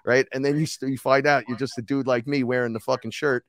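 A man in his forties in a casual podcast conversation, telling animated stories full of swearing and acting out his relatives' voices. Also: mid-range voice, fast talker. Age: 40s.

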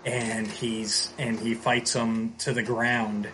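A man's voice: fairly low pitch, level tone, slow, fairly bright tone, a little hiss or hum, poor audio. A man casually recapping a story on a podcast, rambling and restarting as he goes. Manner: rambling, many fillers and restarts.

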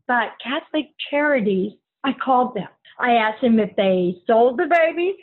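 A middle-aged woman earnestly telling a personal story in a plain-spoken, spiritual way. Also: a little high. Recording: husky voice on a phone-like line.

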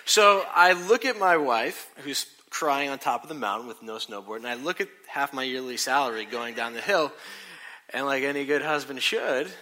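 A middle-aged man telling a personal story in a sermon, animated and self-mocking, acting out what people said. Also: mid-range voice, normal speed.

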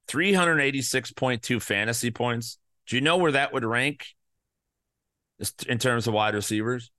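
A man hosting a podcast, rattling off statistics in an animated, ranting monologue and swearing often. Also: medium pitch, no room sound, studio quality. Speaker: podcast host. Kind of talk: fantasy football podcast monologue.

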